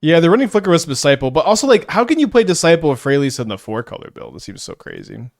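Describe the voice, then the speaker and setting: A man's voice: fairly high pitch, very animated, quick pace, vocal fry, no echo, clean studio sound. A man giving casual live commentary while playing a card game, stuttering and restarting often as he thinks aloud. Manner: stutters, many restarts and fillers.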